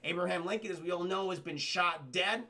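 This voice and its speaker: High-voiced, gravelly man recapping a film. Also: pushed and bright. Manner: rambling, acts out film lines in quick impressions. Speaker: film reviewer streaming to chat. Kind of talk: casual profane movie recap.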